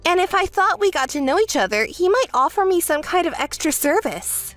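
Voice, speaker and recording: A woman's voice: big pitch swings, brisk, a bit bright, faint music behind, heavily acted. A woman voicing a spoiled, self-centered young bride who bosses her sister around, in a texting-story voice-over. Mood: smug. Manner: whiny, bossy, shrill when angry.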